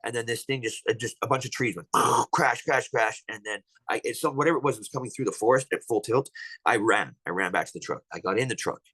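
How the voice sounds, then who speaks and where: Podcast guest, male, rapid and rambling storyteller with frequent restarts. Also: mid-range voice, pushed and bright, slightly rough, no room sound, low-quality recording. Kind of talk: telling a personal encounter story.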